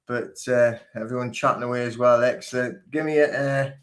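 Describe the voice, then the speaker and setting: A man hosting a casual livestream, talking in a halting, rambling way with many fillers, emotional and grieving. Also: mid-range voice, fairly even intonation. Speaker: livestream host. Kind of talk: casual live-stream chat.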